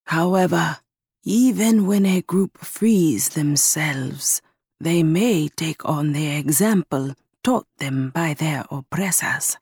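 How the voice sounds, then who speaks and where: A woman voicing a hushed, reverent elder. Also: low voice, expressive, takes it slowly, breathy edge, no room sound, clean studio sound, exaggerated voice. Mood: solemn. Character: old wise male storyteller, solemn elder.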